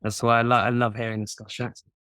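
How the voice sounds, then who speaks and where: A man's voice: medium pitch, flat delivery, fast talker, bright, forceful tone, no echo, studio quality. A young man with a posh English accent, a songwriter chatting casually and telling stories in a friendly way. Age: young adult. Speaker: songwriter interviewing a guest. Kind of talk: casual chat.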